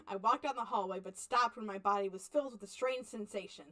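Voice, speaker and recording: Bright, animated young woman streamer. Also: a little high, brisk. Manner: animated, laughs often, playfully mock-angry. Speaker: VTuber streamer. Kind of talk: playing and reading an otome game aloud, chatting with viewers.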